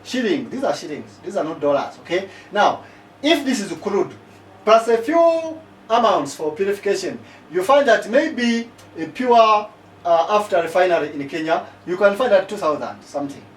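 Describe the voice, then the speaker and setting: Man, high pitch, far from the mic, roomy echo, keeps checking in with "okay?". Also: very animated, moderate pace, a little hiss or hum. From Uganda. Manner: repeats "okay?" to check listeners follow, works figures out aloud. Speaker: political commentator. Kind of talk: explanatory talk to camera. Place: living in South Africa.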